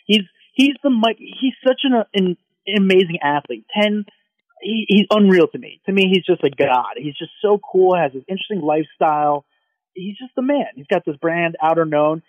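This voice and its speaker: A man co-hosting a podcast, gushing and excitable as he tells a story in casual chat. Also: high voice, no echo, highs cut off. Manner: excitable, gushing, quick anecdotes. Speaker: podcast co-host.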